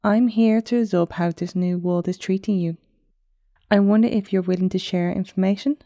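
A woman voicing a calm, smug enchantress who can turn into a wolf, speaking in cryptic warnings. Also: medium pitch, moderate pace, no echo, studio quality, close to an everyday voice. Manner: calm, cryptic, mildly mocking.

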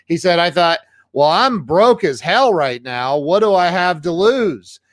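A man's voice: sits high, animated, a little slow, fairly bright tone, no echo. Enthusiastic male podcast host, dry sound. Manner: enthusiastic, retells stories with many fillers. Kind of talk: casual interview chat.

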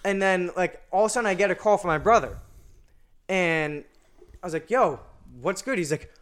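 A man's voice: high voice, brisk, fairly bright tone, clear, resonant tone. A young man telling a story in casual chat, rambling with many fillers and restarts. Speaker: podcast guest.

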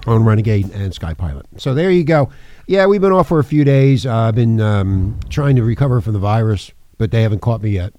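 A man's voice: fairly low pitch, expressive, a little fast, mellow, dry recording, lo-fi sound. A man hosting a casual radio show, rambling and teasing his co-host in a joking way.

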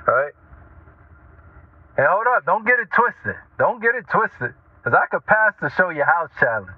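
A man telling casual stories as a radio talk host, animated and chatty, often checking in with the listener. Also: sits high, normal speed, breathy edge, dry recording. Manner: animated, chatty, keeps asking "right?". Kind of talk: casual storytelling monologue. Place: lives in Norfolk, Virginia. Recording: tinny phone-like line, dry.

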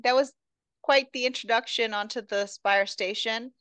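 A woman co-hosting a casual book podcast, retelling scenes with lively quoted voices and laughter. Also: fairly high pitch, moderate pace, no echo. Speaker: podcast co-host.

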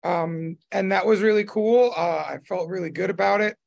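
The man's voice is high-pitched and gravelly, at normal speed with fairly even intonation. As a podcast host, he chats casually in a rambling way, with plenty of fillers and restarts.

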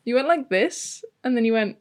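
A woman co-hosting a casual podcast, reacting with wry, quick comebacks. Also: a little high, animated. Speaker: podcast co-host. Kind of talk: casual chat.

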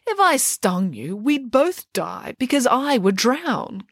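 Woman voicing a polite scorpion, smooth-talking, courteous, storybook reading, lively pitch. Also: takes it slowly, no room sound, clean studio sound, exaggerated voice. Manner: courteous, silver-tongued. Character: excessively polite male scorpion, smooth talker.

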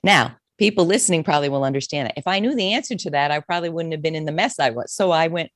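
A woman's voice: low voice, very fast, hardly any pauses, dry recording. Dry-sounding emotional woman telling her story. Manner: emotional, expressive, restarts often. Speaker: therapist and coach, author. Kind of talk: candid interview storytelling.

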